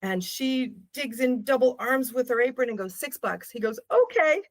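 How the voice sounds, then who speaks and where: An older woman, a travel writer, telling stories as a podcast guest in a lively, laughing manner. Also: on the high side, moderate pace. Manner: animated, laughing storyteller. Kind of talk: storytelling in a podcast interview.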